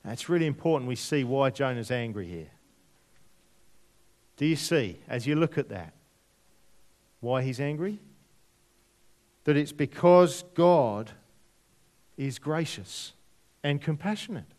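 A man preaching a sermon, reading scripture aloud and explaining it with deliberate, dramatic emphasis. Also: medium pitch, expressive, darkish tone. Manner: slow, deliberate, dramatic drops to near whisper on key words.

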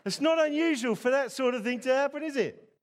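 A man's voice: very high voice, a little fast. A middle-aged man from England preaching a sermon in a conversational way, often asking the congregation rhetorical tag questions.

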